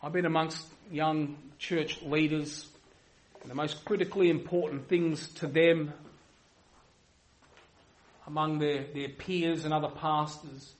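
A man preaching a sermon emphatically, repeating himself for weight and swinging from loud to quiet. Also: on the high side, fairly even intonation, slow pace, long pauses, poor audio. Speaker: pastor.

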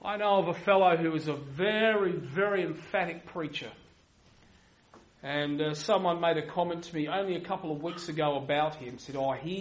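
A man preaching a sermon emphatically, repeating himself for weight and swinging from loud to quiet. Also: on the high side, rough recording. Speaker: pastor.

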